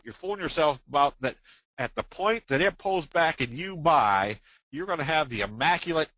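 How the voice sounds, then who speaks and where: A man's voice: mid-range voice, sharp tone, no echo, low-quality recording. An older man giving a trading webinar talk in a folksy way, with many fillers and a joke told in plain voices. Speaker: trading presenter. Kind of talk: webinar presentation.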